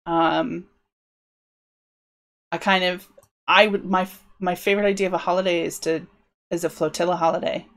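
This British streamer has a lowish, slightly bright voice with a level tone, a moderate pace and long pauses. She muses casually while constructing a tabletop game world, drifting and interrupting herself.

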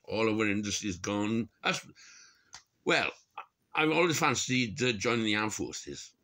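A low, gravelly Welsh man in middle age rants on his own, swearing freely. His voice swings widely, leaping up high in scornful bursts before dropping back down. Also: big pitch swings, a little slow, sharp tone. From Wales. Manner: swearing, exasperated, bursts of high mocking pitch. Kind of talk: solo rant to camera.

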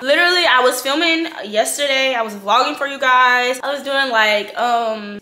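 A woman's voice: on the high side, bright, forceful tone, reverberant. A young woman, chatting casually to her viewers in a prank vlog, swearing freely and laughing often. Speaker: vlogger. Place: home kitchen.

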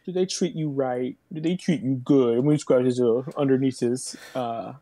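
A player in a tabletop game, talking in character and cooing in a high sweet voice at a bear. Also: moderate pace, dark tone, no room sound.

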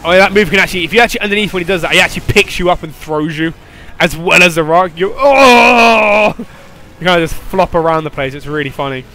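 A young man giving live gameplay commentary, rambling and joking at the monster, swinging from low mutters to panicked yelps and laughs. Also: quick pace, a little hiss or hum. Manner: excitable, yelping and laughing, swings from mutters to shrieks.

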